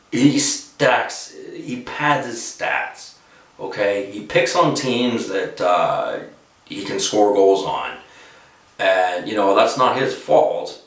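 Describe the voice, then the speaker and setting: Low-voiced man rambling in an echoey room. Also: fairly bright tone, distant mic. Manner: rambling, many fillers. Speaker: hockey commentator. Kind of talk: casual spoken opinion.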